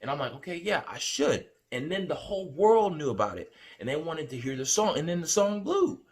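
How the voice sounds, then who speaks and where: A man's voice: very animated, a little fast, darkish tone. A man telling about a dream in casual spoken storytelling, earnest and rambling, repeating himself. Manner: hums a tune with rising pitch. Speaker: vlogger recounting a dream.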